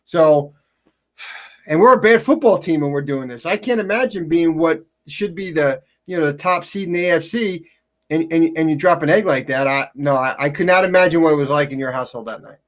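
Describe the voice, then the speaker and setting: A middle-aged man co-hosting a casual sports podcast, telling stories in a halting way with many restarts. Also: fairly high pitch. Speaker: podcast co-host.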